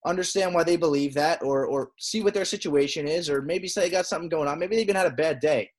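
A man co-hosting a podcast, talking in a halting way with frequent "uh" and "I mean". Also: fairly high pitch. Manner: halting, with many "uh" and "I mean" restarts. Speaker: podcast co-host. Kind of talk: casual podcast chat.

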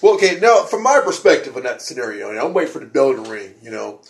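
A man telling a story in casual chat, excitable and rambling, often repeating words and restarting. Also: medium pitch, quick pace. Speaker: podcast co-host. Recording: echoey room with faint noise.

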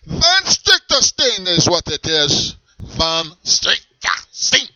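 A man voicing a strict, shouty German leather and whip seller with an eye patch, in a put-on German accent and a theatrical, menacing manner. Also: high voice, huge pitch swings, slow, no room sound, lo-fi sound, pitched above the performer's own voice, heavily acted. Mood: barking, strict. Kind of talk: comedy sketch character.

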